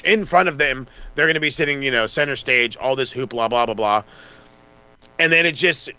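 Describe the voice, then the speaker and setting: Excitable, profane man recapping wrestling. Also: mid-range voice, a little fast, smooth, no echo. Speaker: podcast co-host. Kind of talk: casual wrestling recap chat.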